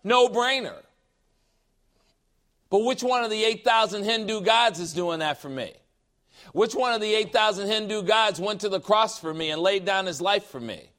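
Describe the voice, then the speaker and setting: A man delivers a sermon in a voice that sits high for a man. He preaches forcefully and with emphasis, firing off rhetorical questions and mimicking skeptics with scorn. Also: normal speed.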